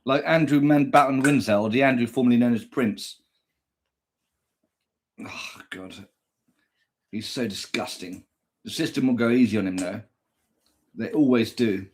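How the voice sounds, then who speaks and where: A man's voice: mid-range voice, normal speed, pauses often. A man hosting a reaction video, chatting in a rambling, crude way and talking to his pet. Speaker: reaction channel host. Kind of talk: casual reaction chat.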